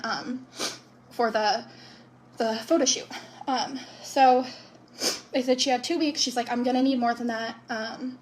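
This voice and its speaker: A tearful woman telling her sister's story to camera, halting with many pauses and apologies while crying. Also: on the high side, steady tone, darkish tone, slight background noise. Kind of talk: emotional social-media storytelling.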